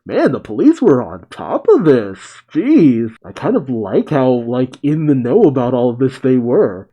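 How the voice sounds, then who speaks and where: A man reading a manga chapter aloud and reacting with lively, laughing commentary. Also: mid-range voice, unhurried, few pauses, husky, highs cut off. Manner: animated, breaks into laughter and exclamations.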